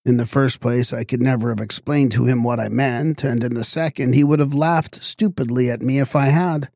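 A man narrating a literary story in a measured, expressive storytelling manner. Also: mid-range voice, no echo, studio quality.

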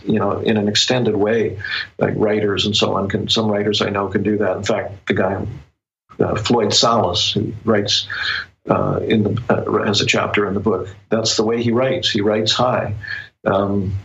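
Brief: male author guest, lowish voice, slow reflective delivery with pauses, muffled lo-fi recording. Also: steady tone, fairly bright tone. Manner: reflective, thoughtful, pauses often to find words. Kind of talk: casual interview conversation.

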